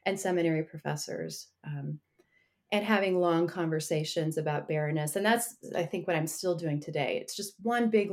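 A woman with a slightly low voice tells a personal faith story as an interview guest. She speaks in an earnest, reflective way and laughs lightly between thoughts. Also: darkish tone.

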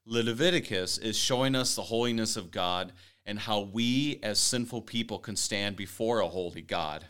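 Guy hosting a bible radio talk, low voice, real smooth, laughs easy. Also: fairly bright tone. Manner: earnest, laughs easily, reads scripture aloud. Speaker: host.

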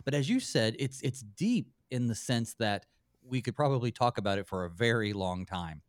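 A man's voice: mid-range voice, expressive, moderate pace, no room sound, clean studio sound. A man, a pastor, hosting a radio Bible study show and chatting with fillers and restarts.

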